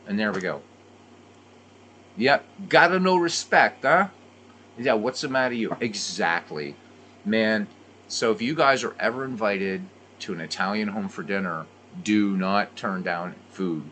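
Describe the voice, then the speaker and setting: This is a man talking casually on a stream, drifting from one animated story to the next. His voice sits fairly low but carries a bright, forceful tone. There is a faint hiss behind him. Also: a little slow. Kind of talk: casual chat while playing.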